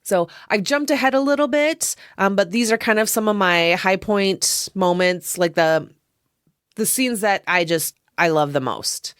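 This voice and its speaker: A woman's voice: mid-range voice, animated, unhurried, a bit bright, clear, resonant tone, no echo, studio quality. A woman hosting a casual film review podcast, chatty and profane, laughing often as she talks. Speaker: podcast host.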